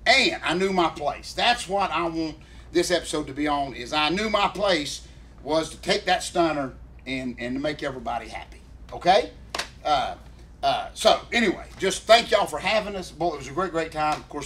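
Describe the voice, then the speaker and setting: A man telling a long, emotional story on a podcast, warmly and earnestly addressing his co-host. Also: on the high side, expressive, moderate pace, a little hiss or hum. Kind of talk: rambling casual storytelling.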